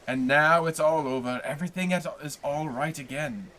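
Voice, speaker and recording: A man reading aloud, voicing a frail, gentle elderly father who speaks softly and modestly. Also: fairly high pitch, normal speed, a little hiss or hum, lightly acted, rough recording. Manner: soft, modest, faltering.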